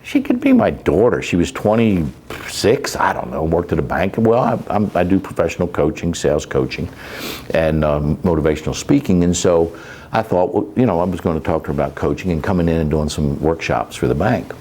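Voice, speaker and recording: In a candid interview, a middle-aged man who works as a caregiver and sales coach tells stories plainly, rambling with lots of fillers and restarts. His deep, darkish voice swings widely in pitch and moves briskly, over faint background noise.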